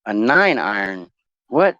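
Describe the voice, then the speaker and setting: A man's voice: fairly low pitch, sing-song, slow pace, bright, forceful tone, dry recording, highs cut off. Joking, rambling man hosting a chat show. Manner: rambling, joking, many fillers. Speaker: talk show host. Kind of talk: casual chat, asking would-you-rather questions.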